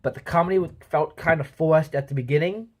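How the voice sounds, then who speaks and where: A man's voice: on the high side, fairly quick. A man giving a casual movie review, rambling with lots of "um" and "you know" and acting out sound effects as he talks. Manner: voices sound effects and quotes while telling.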